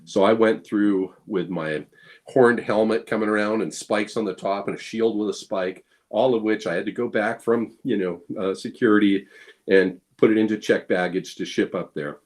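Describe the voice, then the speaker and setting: A man's voice: fairly low pitch, fairly even intonation, moderate pace, darkish tone. A man, a guest blacksmith, telling casual anecdotes full of fillers and restarts, acting out quoted lines. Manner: playful, acts out quoted lines. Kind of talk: casual storytelling chat.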